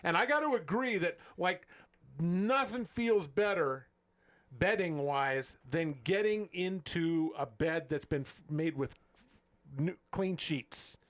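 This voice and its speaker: A man's voice: fairly high pitch, slow, a bit bright. Male sports radio host telling stories. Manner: chatty storyteller, chuckling asides.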